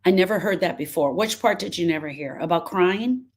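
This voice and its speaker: Emphatic woman grief coach, lower voice. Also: brisk, darkish tone. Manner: emphatic and repetitive, restating points, prone to sidetracks. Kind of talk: live-stream talk answering viewer comments.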